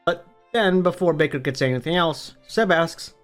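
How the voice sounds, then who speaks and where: A man's voice: a little high, normal speed, faint music behind. A man narrating a book summary for his online channel, upbeat and conversational, with the odd casual swear. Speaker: book review YouTuber.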